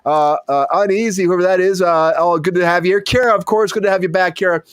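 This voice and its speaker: A man's voice: high voice, steady tone, fast, clean tone, no echo. A man hosting a comedy show, rambling in goofy riffs. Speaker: host. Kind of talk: casual comedy show chat.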